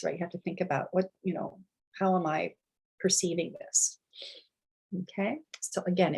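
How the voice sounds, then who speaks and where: A woman's voice: fairly low pitch, darkish tone, poor audio. A woman lecturing students in a conversational way, checking in often with "right?" and "okay?" and thinking aloud as she goes. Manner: many fillers and restarts while thinking aloud. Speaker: university lecturer. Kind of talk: recorded lecture.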